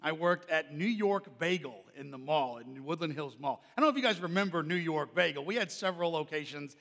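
A man preaching a sermon, telling a lively personal story with a loud, carrying voice. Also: fairly high pitch, brisk, gravelly, big-room sound. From Oklahoma. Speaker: pastor.

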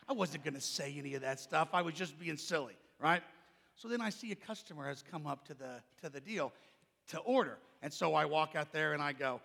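Brief: male preacher, loud carrying delivery, lively storyteller, long church reverb. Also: a little high, brisk, gravelly. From Oklahoma. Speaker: pastor. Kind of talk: sermon with personal story.

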